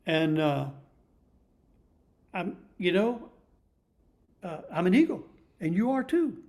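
A man's voice: high voice, sing-song, takes it slowly, darkish tone. A man in his seventies preaching a sermon in a folksy, emphatic storytelling manner, often repeating himself. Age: 70s.

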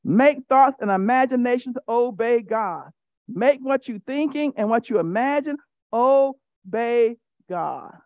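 A woman's voice: fairly high pitch, no room sound, muffled recording. Woman bible teacher preaching, says things twice, dry close sound. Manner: emphatic, repeats key phrases; teases the listeners directly. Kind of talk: sermon.

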